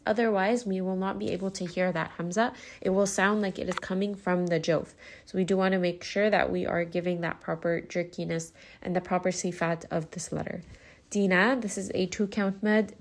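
A woman teaching Quran recitation rules in a calm, methodical way, pausing to model words slowly. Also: medium pitch. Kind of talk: tajweed lesson, explaining and modelling recitation.

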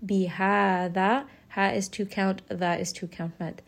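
A woman's voice: mid-range voice, flat delivery, moderate pace, gravelly, breathy edge. A woman teaching Quranic recitation rules step by step, patiently explaining and modeling each sound. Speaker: tajweed teacher.

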